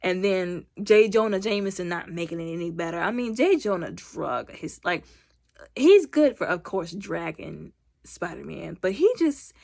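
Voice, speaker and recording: A woman's voice: on the low side, normal speed, creaky. Chatty woman reviewing a movie. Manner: animated, acts out scenes in quoted voices; chatty, full of "like" and slang.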